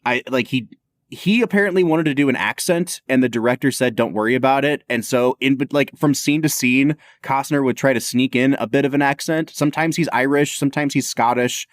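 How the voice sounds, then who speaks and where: A man co-hosting a podcast in casual chat, animated and opinionated. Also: medium pitch, a little fast, no room sound, studio quality. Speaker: podcast co-host.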